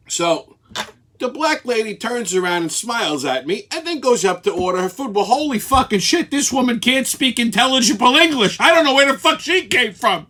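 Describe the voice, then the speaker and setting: A man's voice: very high-pitched, very animated, brisk, bright, forceful tone. A man hosting his weekly show, telling an angry, profane story. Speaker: show host. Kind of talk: ranting weekly commentary.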